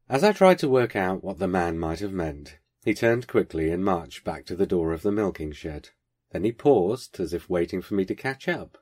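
A man reading a first-person short story aloud in a measured, wry storytelling manner. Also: sits low, very animated, darkish tone. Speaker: podcast host reading a story.

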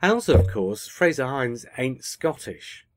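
Unhurried and with big pitch swings, a podcast co-host talks in a mid-range voice during casual chat. He's chatty and teasing, frequently correcting himself mid-sentence, and there's no echo on the sound.

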